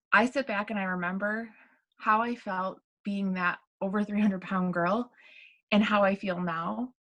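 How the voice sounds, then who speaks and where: A woman's voice: medium pitch, poor audio. A woman coach giving an earnest, encouraging personal testimony on a webinar.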